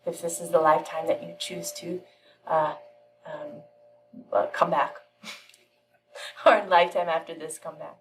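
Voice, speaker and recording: A woman giving a channeled spiritual teaching, telling a parable in a calm, measured way with frequent pauses. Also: on the low side, far from the mic, poor audio.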